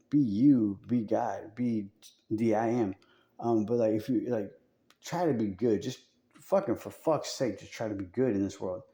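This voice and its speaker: A man's voice: medium pitch, dark tone. A man talking in a casual, rambling monologue, profane and full of fillers and restarts.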